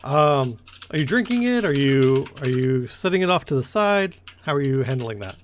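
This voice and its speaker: Guy running a tabletop game, rambly, keeps fixing his own words, mid pitch. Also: big pitch swings, moderate pace, slight background noise. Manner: rambling, corrects himself often. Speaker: game master.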